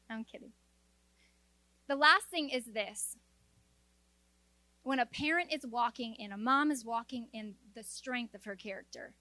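A middle-aged woman preaching a sermon, earnest and exhorting, with quick joking asides. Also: on the high side, pushed and bright, no room sound. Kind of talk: sermon to a women's audience.

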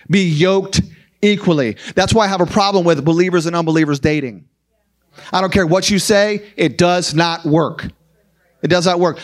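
Male preacher, high-pitched, emphatic sermon delivery with repeated punches.

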